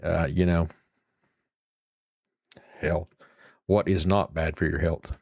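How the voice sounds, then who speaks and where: A man's voice: low voice, fairly even intonation, slow, vocal fry, darkish tone, no echo. A middle-aged man, chatting casually and rambling to his livestream viewers. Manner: rambling, folksy, swears casually. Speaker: livestream host.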